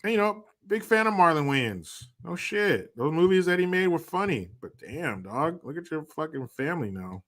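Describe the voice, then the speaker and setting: A man's voice: on the high side, lively intonation, moderate pace. A man giving a profane, rambling commentary rant on his vlog, blunt and sarcastic, with frequent restarts. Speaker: vlogger.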